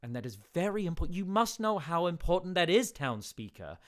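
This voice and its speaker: A man's voice: mid-range voice, lively intonation, a little slow, smooth, close to an everyday voice. A man voicing a pushy male merchant in his thirties who rambles insistently and is impatient to get away.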